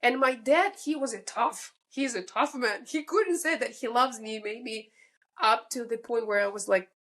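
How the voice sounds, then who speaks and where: Podcast guest, woman, 30s, slightly high voice, candid and emotional, halting phrasing. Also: a bit bright. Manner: emotional, halting, restarts sentences. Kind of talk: candid interview storytelling.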